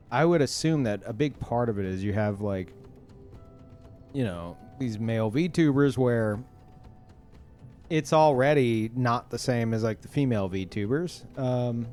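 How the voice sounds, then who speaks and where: A man streamer chatting casually to his viewers, rambling with lots of fillers and restarts, soft music behind him. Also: mid-range voice, slow pace, long pauses.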